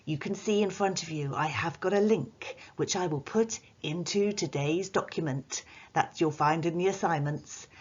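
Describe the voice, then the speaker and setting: A woman teacher giving a recorded writing lesson to children at home, in a slow, sing-song delivery with a playful pirate voice now and then. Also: low-pitched, breathy edge, dull audio. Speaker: primary school teacher.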